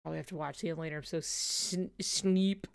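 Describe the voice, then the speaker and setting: A woman's voice: low voice, steady tone, rapid-fire, gravelly. A woman streamer chatting casually during a watch-along, rambling with lots of fillers, swearing and frequent laughter.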